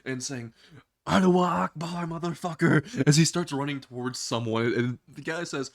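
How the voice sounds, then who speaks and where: A man's voice: mid-range voice, moderate pace, darkish tone, no echo, clean studio sound. A man casually narrating a profane comedy what-if story and laughing at his own jokes.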